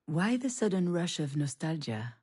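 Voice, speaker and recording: A woman's voice: deep voice, sing-song, moderate pace, warm tone, slightly rough. Woman playing a game and reading it aloud.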